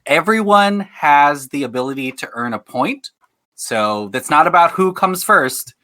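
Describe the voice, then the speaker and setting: A man's voice: a little high, expressive, measured pace, pushed and bright. A man hosting a casual podcast quiz game, playful and laughing often as he announces rounds.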